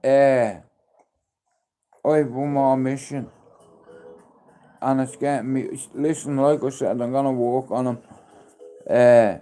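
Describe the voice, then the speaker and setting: A man in his fifties on a casual live stream, mixing coaxing sing-song baby talk and sudden loud calls with rambling, heartfelt chat. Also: mid-range voice, fairly even intonation, takes it slowly, long pauses. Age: 50s.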